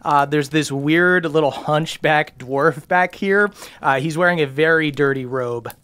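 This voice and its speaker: A man's voice: on the high side, measured pace, a bit bright, clear, resonant tone. Man narrating as game master. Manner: loose, filler-heavy narration.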